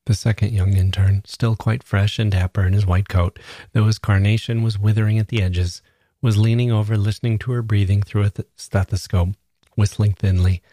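Low-voiced man reading literary fiction. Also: fairly even intonation, moderate pace, mellow, dry recording. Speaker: narrator.

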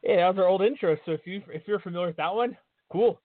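A man's voice: high voice, racing, dry recording. Rambling male podcast host on a thin line. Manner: rambling, frequent restarts. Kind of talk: casual sports chat. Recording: dry, tinny phone-like line.

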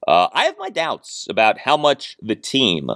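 A man's voice: medium pitch, wildly swooping pitch, a little slow, fairly bright tone, dry recording, studio quality. A man hosting a sports podcast, giving emphatic, opinionated commentary on his own. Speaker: podcast host.

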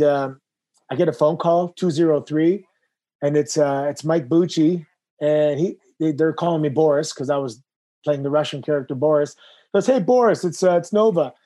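A man's voice: a little high, normal speed. A man telling stories as a guest in casual chat, acting out the voices of people in his anecdotes. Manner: animated, acts out voices in anecdotes. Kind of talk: casual storytelling.

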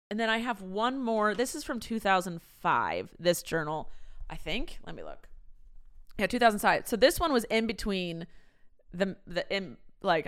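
A woman's voice: mid-range voice, clear, resonant tone. A woman in her thirties hosting a podcast, chatting casually and reading her old diaries aloud, swearing freely and laughing at herself. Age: 30s. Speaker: podcast host.

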